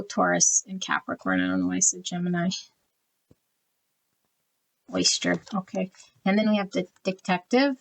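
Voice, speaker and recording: A woman giving a pick-a-card tarot reading, talking quietly and evenly and reading card meanings as lists of words. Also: low-quality recording. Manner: quiet, even and low-key, trying not to be loud early in the morning. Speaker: tarot reader.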